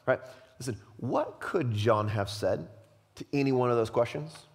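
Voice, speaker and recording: Male pastor, mid-pitched, emphatic sermon with quiet intense passages, long church reverb. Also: very animated, moderate pace. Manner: emphatic, often dropping to a quiet, intense hush.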